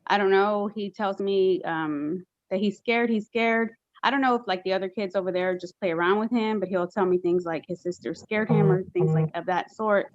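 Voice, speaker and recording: A woman testifying as a mother in a courtroom, halting and full of fillers. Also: medium pitch, no echo, muffled recording. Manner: hesitant, many fillers. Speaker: witness, respondent mother.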